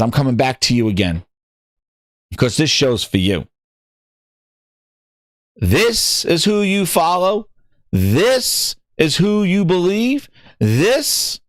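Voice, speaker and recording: A man's voice: a little high, no room sound, clean studio sound. A man hosting a gaming news channel, ranting in a heated way with swearing and repeated words. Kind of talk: ranting commentary.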